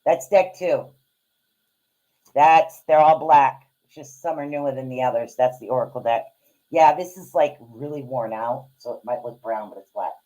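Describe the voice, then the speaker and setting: A woman hosting a live card-reading stream, chatting casually and excitably in rambling asides. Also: very deep voice, moderate pace, muffled recording. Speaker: podcast host and card reader.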